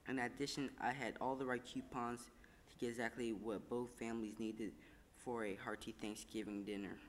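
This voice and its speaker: A man reading a first-person story aloud in calm, measured narration, with a few small slips. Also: medium pitch, long reverb tail, a little hiss or hum. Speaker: reader.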